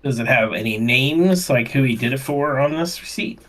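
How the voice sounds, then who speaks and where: A man's voice: medium pitch, animated, normal speed, a crowd in the background. A man playing in a tabletop game, talking casually in character and often restarting his sentences. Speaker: player.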